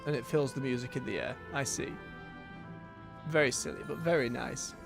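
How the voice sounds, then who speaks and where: A man with a gravelly, mid-range voice streams an online role-playing game at a moderate pace, with game music in the background. He chats casually and thinks out loud as he plays.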